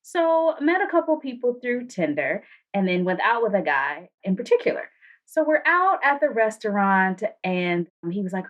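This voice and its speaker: A woman's voice: mid-range voice, normal speed, lo-fi sound. A woman who is a guest on a podcast, telling stories animatedly and acting out the people in them. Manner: animated, acts out quoted voices. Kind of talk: storytelling in a podcast interview.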